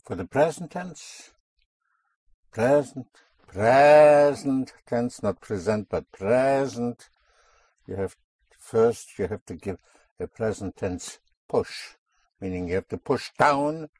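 A man's voice: lowish voice, expressive, measured pace, pauses often, darkish tone, slightly rough, no room sound. A man teaching a language class, patiently drilling words and correcting pronunciation.

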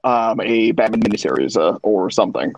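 A man's voice: lowish voice, lively intonation, a little fast, low-quality recording. A man chatting casually, hesitant and full of fillers. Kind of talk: casual chat.

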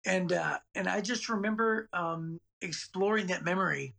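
A man in his late forties, guesting on a podcast, rambles through a childhood memory and keeps repeating words. His high-pitched voice is pushed and bright, with vocal fry, at a normal speed.

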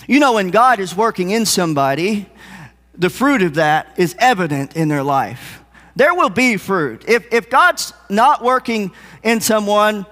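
This is a man with a strikingly high-pitched voice delivering a sermon. He talks to his congregation in an earnest, conversational manner. His words echo with a long reverb through a church sanctuary. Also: expressive, measured pace, a bit bright. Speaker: preacher.

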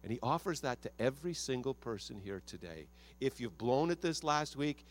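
A man preaching a sermon as pastor of a church, animated and acting out prayers and quotes in his own voice. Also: medium pitch, normal speed.

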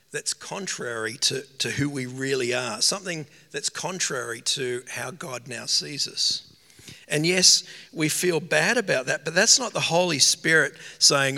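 A male preacher delivering a heartfelt sermon, voice bright and edged with gravelly fry. He talks earnestly and gets emotional, dwelling slowly on key words as his voice rings through a hall with long reverb. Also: fairly high pitch. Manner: earnest, emotional, slow emphatic phrasing.

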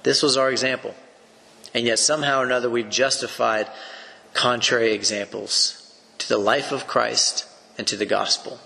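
A man's voice: medium pitch, creaky, bright, forceful tone, in a large hall. A man teaching through a Bible passage on a podcast. He speaks earnestly in a preacherly way and poses rhetorical questions.

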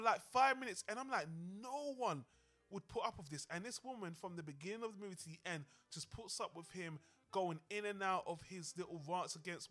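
A man co-hosts a film podcast in a voice that sits high, pushed and bright. He talks casually and animatedly, swears freely, and acts out lines from the movie.

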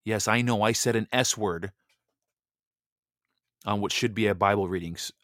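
A man's voice: fairly low pitch, moderate pace, fairly bright tone, no echo, studio quality. A man hosting a Bible reading show, delivering a heated, blunt monologue and stumbling over repeated words when he gets worked up. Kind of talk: impassioned political monologue.

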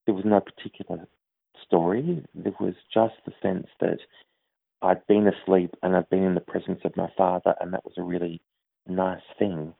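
A man answering interview questions in a thoughtful, hesitant way, with many pauses and fillers. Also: low-pitched, fairly even intonation, vocal fry, husky, no echo. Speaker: grief organization head, interview guest. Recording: tinny phone-like line, dry.

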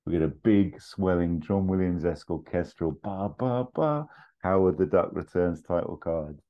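A man hosting a podcast, pitching a film sequel in a casual, rambling way with lots of fillers. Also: fairly even intonation, normal speed, muffled recording.

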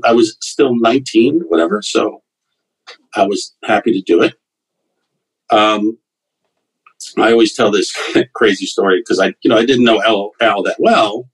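A man's voice: fairly low pitch, breathy edge, rough recording. A man, a comedian guest, telling loose anecdotes with fillers and restarts in a casual interview.

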